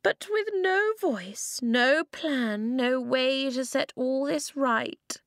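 A woman's voice: mid-range voice, huge pitch swings, takes it slowly, fairly bright tone, dry recording, clean studio sound, exaggerated voice. A woman doing a sneering evil Ice Queen. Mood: mocking. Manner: sneering, silky, taunting.

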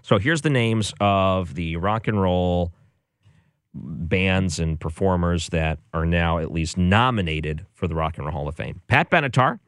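A man's voice: low voice, measured pace, dry recording, studio quality. A man hosting a show, giving casual music commentary with a sarcastic, exasperated manner. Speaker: radio or podcast host.

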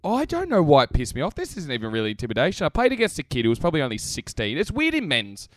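An Australian man with a bouncing, lively voice, spinning sport stories in casual podcast chat. He laughs through his lines. The sound is dry and close. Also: fairly high pitch, racing, no echo. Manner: animated storytelling with laughter. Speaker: podcast co-host.

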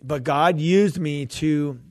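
A man's voice: a little high, slow. A man co-hosting a faith podcast, telling a story in a casual chat and acting out the quoted dialogue. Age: adult, grown pastor's kid. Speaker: podcast co-host and minister.

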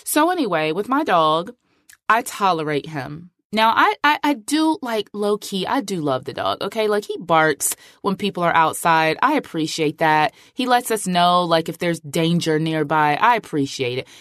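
Woman, podcast host, lowish voice, dry sound, chatty, emphatic. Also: lively intonation, normal speed, fairly bright tone, no room sound. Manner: chatty, emphatic, heavy use of filler like. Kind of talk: casual podcast monologue.

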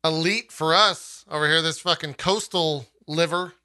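Very bright teasing male podcast host. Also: fairly high pitch, steady tone, normal speed, clean tone. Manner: teasing, swears casually. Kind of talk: casual podcast chat.

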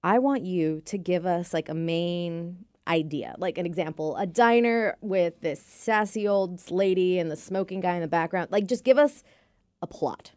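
Woman co-host, lively and bubbly, lowish pitch, dry studio sound. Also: moderate pace, no room sound. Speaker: podcast co-host. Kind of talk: casual chat.

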